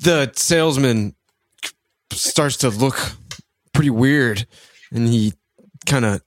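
A man hosting a casual comedy chat, reading his own strange script aloud in a halting, playful way. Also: mid-range voice.

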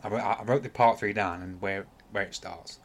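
Rambling man, low voice. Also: fairly even intonation, moderate pace. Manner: rambling retelling, apologizes often. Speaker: podcast host. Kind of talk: casual chat.

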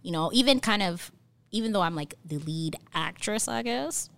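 A woman, lead actress of a web series, talking as a podcast guest in a lively, slangy way, full of "like". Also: medium pitch, moderate pace, gravelly, dry recording. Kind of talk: casual interview chat.

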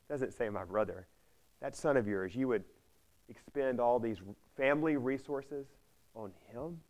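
Man, sermon, animated storytelling, emphatic repetition, mid-pitched voice. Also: moderate pace. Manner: animated storytelling, acting out the characters' lines; emphatic, repeats key phrases. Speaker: preacher.

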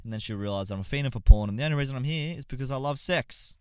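A young man hosting a gaming podcast, telling a story casually, animated and swearing, laughing mid-sentence. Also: mid-range voice, fast, smooth, no room sound, studio quality. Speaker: podcast host.

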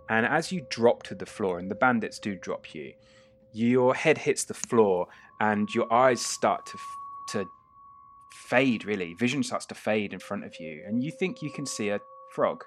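A man narrating a tabletop game as game master, casual and prone to quick restarts. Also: lowish voice, slight background noise.

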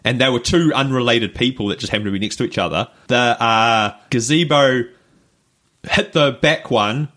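A man's voice: medium pitch, moderate pace, pushed and bright. A man with a New Zealand accent, co-hosting a podcast and telling rambling anecdotes. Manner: rambling anecdotes with fillers and laughs. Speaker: podcast co-host. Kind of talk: casual chat, storytelling.

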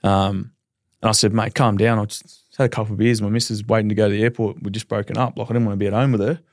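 Speaking fast in a lowish, flat voice, this thirty-something Australian man is a footballer recounting his story on a casual podcast. He's candid and tends to ramble, and the sound is clean studio audio without echo.

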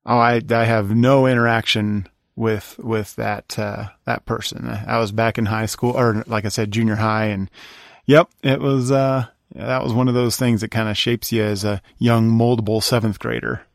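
A man's voice: fairly low pitch, flat delivery, moderate pace, vocal fry, no room sound. A young man co-hosting a podcast in casual chat, asking the question of the week and dropping wry, dry quips. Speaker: podcast co-host.

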